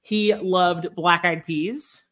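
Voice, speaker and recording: A woman's voice: lowish voice, fairly even intonation, extremely slow, fairly bright tone. A woman from Texas, co-hosting a podcast in casual chat and laughing easily. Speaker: podcast co-host.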